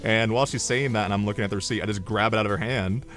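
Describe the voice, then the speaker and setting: A young man streaming, telling stories in an animated, rambling way, swearing and drifting into asides. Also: on the low side, rapid-fire, soft background music. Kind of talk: casual storytelling on a livestream.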